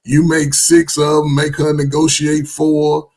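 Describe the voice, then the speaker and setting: Man, advice-giving, casual chat, a little high. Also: monotone, unhurried, a little mellow. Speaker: podcast co-host.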